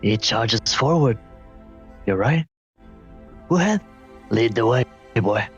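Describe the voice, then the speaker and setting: A man voicing a calm, cryptic old male mentor who speaks in slow riddles, on a dull lo-fi call. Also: medium pitch, faint music behind. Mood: solemn.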